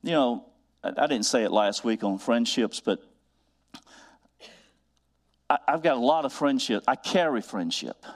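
A man preaching a sermon, building to emphatic repeated refrains and drawing out scripture quotes slowly. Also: mid-range voice, expressive. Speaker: pastor.

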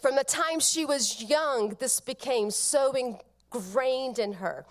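Slow, tender woman giving a eulogy. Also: sits high. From Georgia, United States. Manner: slow, tender storytelling with soft pauses. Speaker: eulogist at a grandmother's funeral. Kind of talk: funeral eulogy.

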